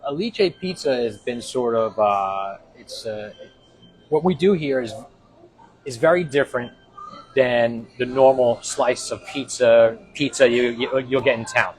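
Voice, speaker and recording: Halting man explaining his restaurant. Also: mid-range voice, darkish tone, poor audio. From Italy. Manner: explanatory, hesitant with many fillers. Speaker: restaurant owner. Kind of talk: casual interview.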